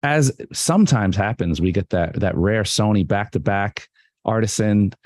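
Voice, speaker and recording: A man's voice: on the low side, moderate pace, darkish tone, no room sound, clean studio sound. A man hosting a live online photography talk, playful and joking with his guest. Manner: playful, jokey, puts on a radio voice. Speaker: event host.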